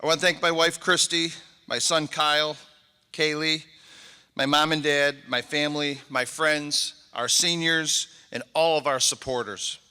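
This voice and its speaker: A man's voice: on the high side, fairly even intonation, measured pace, pushed and bright, smooth. A middle-aged man, a mayor, giving a heartfelt and emotional inauguration speech, thanking people one by one. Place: large convention hall. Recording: echoey convention hall.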